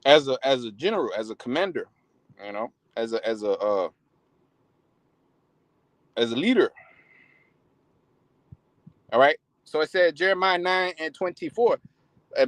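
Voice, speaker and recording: A man's voice: fairly high pitch, lively intonation, moderate pace, long pauses, dry recording, poor audio. A man preaching in a casual, heated style, swearing often and restarting his sentences. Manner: heated, profane, many restarts. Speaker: street preacher. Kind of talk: casual sermon with profanity.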